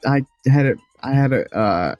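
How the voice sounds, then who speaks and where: A man's voice: mid-range voice, lively intonation, normal speed, no echo, lo-fi sound, faint music behind. A man playing a tabletop role-playing game, talking in an eager, rambling way. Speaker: player. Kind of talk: tabletop role-play chat.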